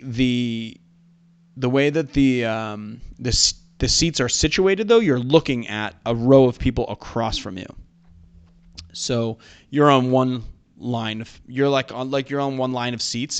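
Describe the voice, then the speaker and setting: A man's voice: medium pitch, smooth. A young man co-hosting a podcast, telling a rambling story with many restarts while tipsy from whiskey. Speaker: podcast co-host. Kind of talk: casual chat.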